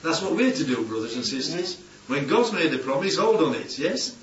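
Chatty preacher in an echoey hall. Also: male voice, a little high, lively intonation, normal speed, slight background noise. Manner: chatty, keeps asking "yeah?", playful asides. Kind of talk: informal Bible-study sermon. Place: church hall with congregation. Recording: distant, roomy, dull hall recording.

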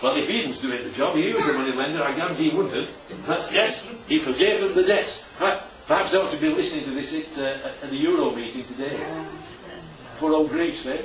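A man's voice: on the high side, fairly quick, fairly bright tone, a little hiss or hum. A man preaching a sermon in a chatty way, often asking the room questions. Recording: echoey hall from far off, dull.

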